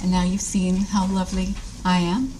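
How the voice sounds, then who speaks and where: A woman's voice: on the low side, flat delivery, normal speed, noisy background. A woman author at a live reading, introducing her story with wry, slightly hesitant asides.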